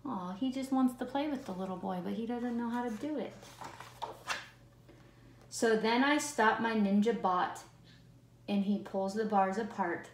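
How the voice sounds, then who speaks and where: A woman teacher reading a picture book aloud to children in a classroom, talking slowly and expressively and stopping to ask the kids questions. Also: fairly high pitch, a little hiss or hum. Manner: slow, expressive, chats with the listening kids. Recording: roomy echo.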